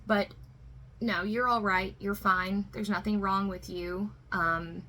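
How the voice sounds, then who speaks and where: A woman's voice: mid-range voice, fairly even intonation, slow, bright, forceful tone, slight background noise, rough recording. Emotional woman giving a tarot reading. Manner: emotional, reassuring, many fillers. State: fighting back tears. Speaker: tarot reader. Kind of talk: spiritual tarot reading to viewers.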